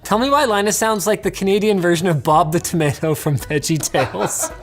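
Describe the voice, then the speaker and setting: A woman's voice: on the low side, a little fast, soft background music. A woman reading viewer comments aloud in a casual, amused way. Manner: amused, lively, reacts with laughter.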